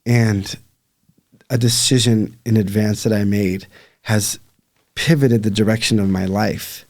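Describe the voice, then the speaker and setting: A man with a fairly low voice speaks earnestly and reflectively as a podcast guest. He tells a painful family story with frequent pauses and fillers. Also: fairly even intonation, a little mellow. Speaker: podcast guest, life coach. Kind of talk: emotional personal storytelling.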